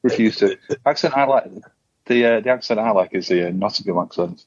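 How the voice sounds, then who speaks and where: Blunt, sweary man, low husky voice. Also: brisk, no echo, dull audio. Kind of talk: casual chat.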